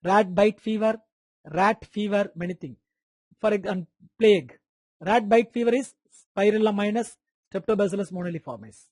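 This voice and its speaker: A man's voice: sits high, moderate pace, darkish tone, no echo. A man with an Indian English accent giving a live online medical lecture, repeating key terms, quizzing students by name and making playful sound effects.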